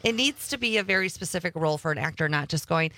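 A woman who is a guest in a radio studio, chatting quickly and giving her opinions. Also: deep voice, lively intonation, sharp tone, no echo. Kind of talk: casual radio banter.

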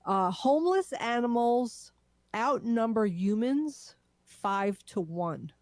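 A woman's voice: on the high side, lively intonation, takes it slowly, no echo. A woman co-hosting a radio show, sharing animal shelter facts in a chatty, laughing way. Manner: warm, laughing, informative. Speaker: radio co-host, animal advocate. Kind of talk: casual radio chat.

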